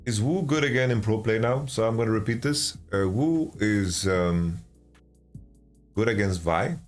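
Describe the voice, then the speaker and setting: Very low-voiced man casting esports. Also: a little slow, faint music behind. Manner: relaxed, stammering restarts, reads chat. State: sleepy, yawning. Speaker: esports caster and analyst. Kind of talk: casual co-stream commentary.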